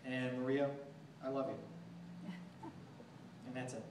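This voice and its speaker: At a chilly outdoor wedding venue, the groom gives a short, plain-spoken thank-you speech at his reception. His mid-range voice is flat and slow, picked up by a distant mic with echo, crowd sounds and noise.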